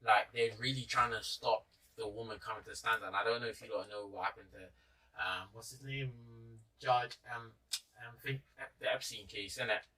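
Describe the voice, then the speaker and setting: A man's voice: mid-range voice, steady tone, normal speed, sharp tone, recorded from a distance, poor audio. A man with a London accent, chatting casually as a podcast host, rambling and dropping in "innit".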